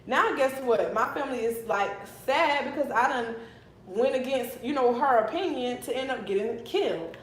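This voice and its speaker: A young woman telling a storytime on a livestream, animated and blunt, swearing freely. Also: high voice, normal speed. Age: young adult. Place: her apartment, indoors. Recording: echoey room.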